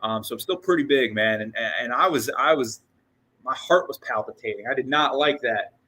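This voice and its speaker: A man with a bright, forward voice talks through a casual postgame show as its host. He rambles excitedly, restarting sentences and doubling up on words, and he sounds a bit out of breath. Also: medium pitch, fairly quick, husky, rough recording. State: short of breath. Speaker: sports podcast host.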